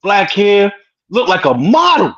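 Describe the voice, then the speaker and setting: High-voiced man with a dull sound. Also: huge pitch swings, unhurried, a bit bright, husky. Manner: chimes in with short reactions, then tells his own story. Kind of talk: casual chat.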